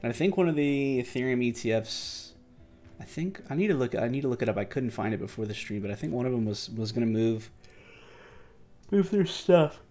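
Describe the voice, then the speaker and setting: A tired, yawning man hosts a casual crypto market review livestream, his mid-range voice quick and darkish with faint music behind. He rambles loosely in slang, restarting and correcting his sentences.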